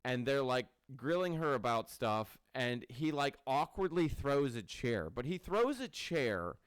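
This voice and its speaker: A man's voice: mid-range voice, smooth, dry recording. A man reviewing a movie in casual chat with friends, ranting animatedly, swearing and mocking scenes. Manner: animated, swearing, quick rants with mock quotes.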